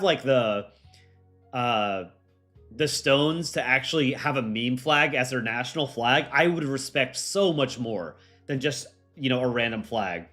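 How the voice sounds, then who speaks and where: A man's voice: medium pitch, sharp tone. A young man hosting a livestream, chatting casually and rambling with lots of fillers. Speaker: livestream host.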